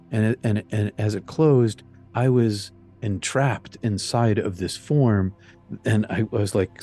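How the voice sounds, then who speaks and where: A man being interviewed, telling his near-death experience in an earnest, halting way that repeats phrases. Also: fairly low pitch, darkish tone. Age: young adult telling of age 20, now older. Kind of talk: personal storytelling interview.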